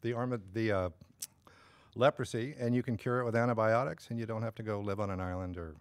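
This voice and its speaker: A man guesting on a studio talk show, relaxed and matter-of-fact with a dry sense of humor. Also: fairly low pitch, fast, smooth, no room sound. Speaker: guest, cooking show host. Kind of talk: studio interview chat.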